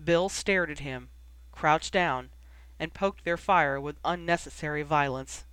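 A reader narrating fan fiction in a measured, steady way. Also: medium pitch, clear, resonant tone, dry recording. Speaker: audiobook reader.

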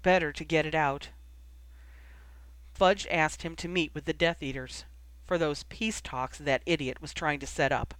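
A reader voicing a grim, short-tempered young man who speaks tersely, low and rapid when delivering bad news. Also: fairly even intonation, fairly bright tone, dry recording, lightly acted.

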